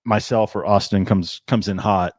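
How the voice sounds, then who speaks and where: Casting: male host, very low voice, dry close sound, loose anecdotal storyteller. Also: fairly even intonation, normal speed, no echo. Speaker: livestream host. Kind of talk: casual chat over drinks. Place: tasting room.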